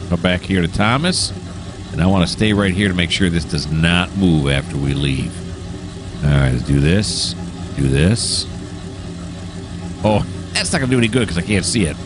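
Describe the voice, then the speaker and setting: Low-pitched male game host, casual and rambling, full of ums and uhs. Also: background noise. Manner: rambling, enthusiastic, many filler sounds. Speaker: train simulator gameplay host. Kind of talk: casual gameplay commentary.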